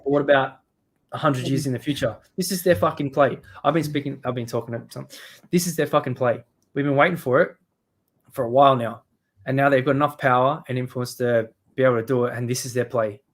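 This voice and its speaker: A man hosting a live stream, ranting angrily with lots of swearing, swinging from loud outbursts to low muttering. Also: steady tone, fast talker. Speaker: show host. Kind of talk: profane live-stream rant.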